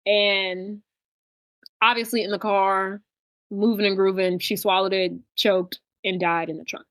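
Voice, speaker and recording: Bright-voiced woman recapping a movie. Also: medium pitch, unhurried, dry recording. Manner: animated, acts out character quotes. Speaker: podcast co-host. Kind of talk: casual movie recap chat.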